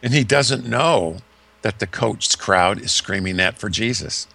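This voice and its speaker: A man's voice: lowish voice, a little slow, gravelly, pushed and bright. A man preaching a sermon, retelling a story vividly with dramatic shifts in emphasis.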